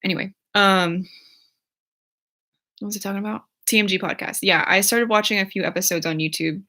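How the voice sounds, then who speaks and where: A woman's voice: medium pitch, steady tone, fairly quick, pushed and bright. A young woman in her twenties chatting casually on a livestream at home, rambling with lots of fillers and giggles as she answers her chat. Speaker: YouTuber reading chat on a livestream.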